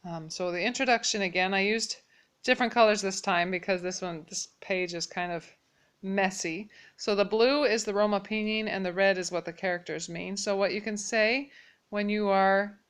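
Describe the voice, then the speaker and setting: A woman teaches a whiteboard language lesson, walking through each phrase with patience. Her voice is smooth and clear at a middle pitch, and she repeats key lines slowly so learners can follow. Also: steady tone.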